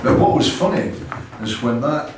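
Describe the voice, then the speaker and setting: A Scottish man, a rock musician, tells loose, rambling stories and chuckles between them. His voice sits at an ordinary pitch and is picked up from some distance. The room around him rings with heavy echo, and faint ambient noise sits underneath. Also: animated, normal speed. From Scotland. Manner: rambling anecdotes, chuckling often. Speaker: rock musician being interviewed. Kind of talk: casual interview chat. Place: old cinema venue. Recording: echoey room from a distant mic.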